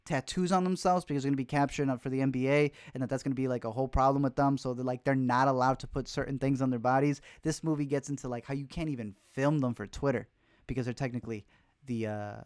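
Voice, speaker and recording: A man's voice: medium pitch, steady tone, fast talker, darkish tone, clear, resonant tone, no room sound, clean studio sound. A young man hosting a casual livestream, talking about films he missed, rambling with lots of fillers and restarts. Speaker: film reviewer, host.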